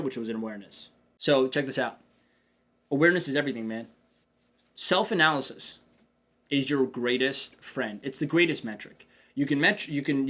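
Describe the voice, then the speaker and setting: A man hosting a business coaching podcast in casual talk. He is energetic, addresses listeners directly with asides like "check this out", and acts out his own inner dialogue. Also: medium pitch.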